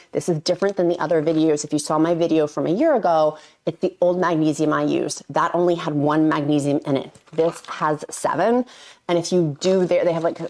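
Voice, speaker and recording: A woman with a low-pitched voice talks to her viewers in a casual vlog. She speaks candidly, drifting between tangents and restarting her sentences. She is recorded on a camera or phone microphone. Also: a little mellow. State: tearful, getting emotional. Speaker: vlogger.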